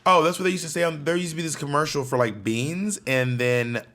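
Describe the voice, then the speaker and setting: Podcast co-host: young man from Georgia, animated storyteller, casual. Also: on the high side, fairly quick. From Georgia, USA. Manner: animated storyteller, acts out quotes. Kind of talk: casual chat.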